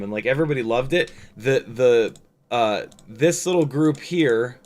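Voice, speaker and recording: A man's voice: medium pitch, unhurried, a little mellow. A man talking casually on a livestream, rambling over his footage with lots of fillers, restarts and the odd swear. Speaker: drone pilot and streamer.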